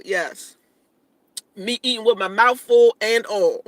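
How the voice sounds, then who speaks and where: A woman's voice: fairly high pitch, measured pace, dry recording. A woman in her late thirties hosting a casual livestream, eating and talking with her mouth full, blunt and profane. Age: 30s. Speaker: livestream host.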